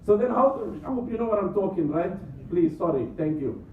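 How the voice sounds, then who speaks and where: A man from Africa, an Islamic scholar, giving an impassioned sermon with joking asides and rapid Arabic recitation in a large mosque hall. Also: high-pitched, lively intonation, slight background noise. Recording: echoey hall, distant mic, dull sound.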